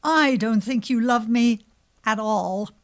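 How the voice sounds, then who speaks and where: A woman voicing an angry, proud old king who speaks in stern, booming lines. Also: takes it slowly.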